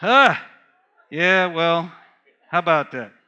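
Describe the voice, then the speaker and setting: A man's voice: high-pitched, animated, slow pace, pushed and bright, highs cut off. A man preaching a sermon, telling a personal story with earnest feeling and repeating phrases for emphasis. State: choked up while reading.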